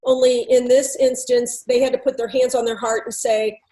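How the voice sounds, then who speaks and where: A woman with a high, light voice talks through a lesson from her consulting work. She tells it as a story, acting out both sides of the dialogue and posing question after question. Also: little pitch movement, moderate pace, dark tone, low-quality recording. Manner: conversational, re-enacts dialogue, Socratic questioning. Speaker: workplace culture consultant. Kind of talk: storytelling talk to a business audience.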